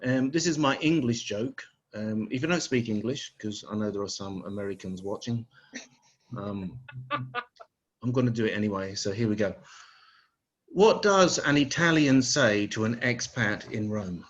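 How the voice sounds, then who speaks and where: Brief: Scottish male stand-up, crude deadpan one-liners, dull lo-fi video call sound. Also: on the low side, normal speed. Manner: crude, swearing punchlines. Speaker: stand-up comedian.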